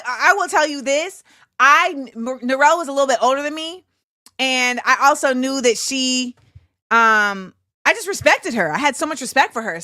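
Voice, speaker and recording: A woman in her thirties tells a personal story as a show host, her voice bright and forceful. She talks in an animated way and acts out what people said. The sound is dry and close. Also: high-pitched, dry recording. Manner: animated, acts out quoted voices, laughs often. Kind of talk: casual storytelling chat.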